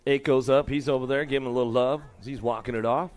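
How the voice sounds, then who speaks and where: A man announcing live BMX races, rattling off rider names with bursts of excitement. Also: mid-range voice. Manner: rapid-fire calling of rider names, excitable. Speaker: race announcer. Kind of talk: live BMX race commentary.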